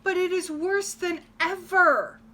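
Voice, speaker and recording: A woman voicing a worn-out poor farmer who pleads for quiet, in a storybook reading. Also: extremely high pitch, steady tone, slow pace, voice pushed up, heavily acted. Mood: pleading. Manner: pleading, exasperated.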